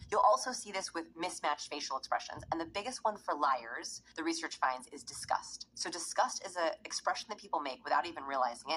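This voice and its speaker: A woman's voice: deep voice, a bit bright, a little hiss or hum, rough recording. A woman researching behavior, explaining her findings in an interview and acting out examples as she goes. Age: adult parent. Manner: demonstrates examples by acting out voices.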